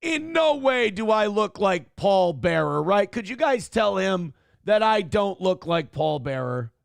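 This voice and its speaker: A middle-aged man hosts a casual livestream talk show, reading donations aloud with loud, crude jokes and a rough voice that cannot reach high notes. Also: big pitch swings, a little slow, no room sound. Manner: loud, crude, joking, reads chat messages aloud.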